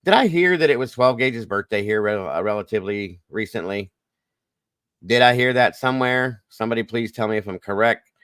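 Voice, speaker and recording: A man hosting a livestream, rattling off quick, folksy greetings to viewers by name. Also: fairly low pitch, lively intonation, fairly bright tone, smooth, dry recording, clean studio sound. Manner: fast, folksy greetings with Southern-style phrasing. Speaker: livestream host. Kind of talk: casual livestream shout-outs.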